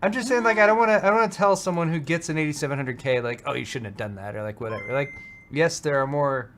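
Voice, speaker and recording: A man's voice: fairly high pitch, fast talker, fairly bright tone, slight background noise. Rambling male tech host. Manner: rambling, restarts sentences, easygoing. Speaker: host answering hardware questions. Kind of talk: casual chat.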